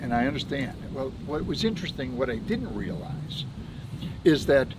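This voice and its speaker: A man's voice: medium pitch, sing-song, moderate pace, background noise. A man in his seventies, a podcast guest, telling folksy business anecdotes and chuckling between stories. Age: 70s. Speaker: podcast guest, benefits administrator. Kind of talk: anecdotal storytelling.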